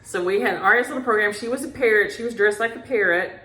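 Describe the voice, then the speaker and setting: A woman's voice: mid-range voice, fast talker, sharp tone. A middle-aged woman hosting a cross-stitch vlog, chatting at home in a folksy, storytelling way and calling viewers "y'all". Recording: roomy home recording.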